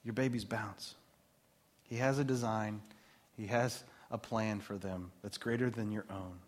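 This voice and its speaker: A man's voice: on the low side, fairly even intonation, unhurried. A man in his thirties giving a faith talk to mothers, telling rambling personal stories and laughing at himself. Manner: warm, rambling storyteller who laughs at himself. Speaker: speaker at a Christian mothers' gathering.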